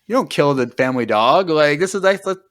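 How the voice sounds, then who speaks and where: A man's voice: fairly high pitch, expressive, a little fast, a bit bright. A man hosting a podcast, retelling a book in casual, rambling chat full of fillers and trailing off at the ends of thoughts. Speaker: podcast host.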